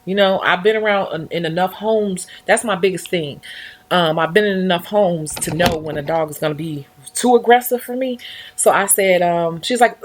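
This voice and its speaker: A woman's voice: lowish voice, normal speed, a little hiss or hum. A woman talking casually on her own livestream about life as a nail technician. She tells her stories with animation and acts out other people's voices along the way.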